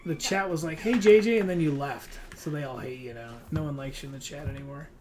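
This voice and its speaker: A man's voice: medium pitch, quick pace, crowd noise. A man streaming a hunting game, chatting casually and teasing a friend with lots of fillers. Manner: rambling and teasing, with frequent fillers. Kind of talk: casual gaming stream chat.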